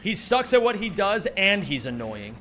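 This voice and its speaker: Excitable joking streamer man. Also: sits high, normal speed, faint music behind. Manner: joking, excitable banter, swears freely. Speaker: live streamer. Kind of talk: casual live-stream chat with viewers. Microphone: streaming microphone.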